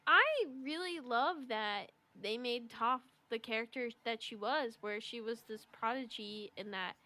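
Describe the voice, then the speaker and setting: A young woman co-hosting a podcast, talking earnestly and haltingly with many fillers. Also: a little high, pushed and bright. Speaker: podcast co-host. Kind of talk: casual chat.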